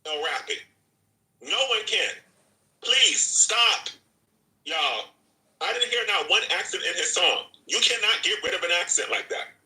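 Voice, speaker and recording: A man's voice: high voice, lively intonation, unhurried, long pauses, bright, forceful tone, roomy sound, poor audio. A man hosting a live audio chat room, ranting in a profane, repetitive way. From Jamaica. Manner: profane, repetitive, talks over himself. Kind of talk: animated rant.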